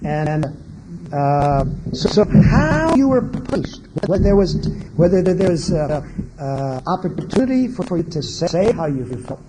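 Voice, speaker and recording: Very noisy audio captures a man lecturing at a marriage seminar in a somewhat high, slightly slow voice. He's animated, posing many questions to listeners and performing what parents and children say.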